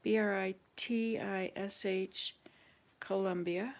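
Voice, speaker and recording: Woman, channel host, casual chat, unhurried, hesitant, thinking aloud. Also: medium pitch, steady tone. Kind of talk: casual chat to online viewers.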